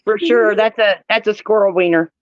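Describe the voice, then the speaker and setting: A woman co-hosting a livestream, chatting casually and talking gently in baby talk to a small animal she feeds. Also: mid-range voice, moderate pace, no echo. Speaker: livestream co-host. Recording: dull lo-fi stream audio.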